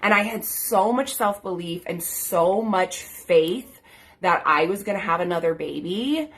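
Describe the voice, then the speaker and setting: A woman's voice: lowish voice, a little slow. A woman in her thirties, a life coach, telling her own story in an earnest, grateful, chatty way full of "like" and "um" fillers. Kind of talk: personal storytelling to camera.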